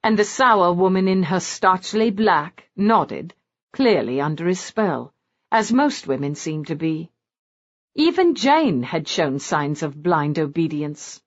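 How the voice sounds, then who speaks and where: Woman narrator, romance audiobook, low-ish voice, lively swings, dull lo-fi sound. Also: slow. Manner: expressive, lively.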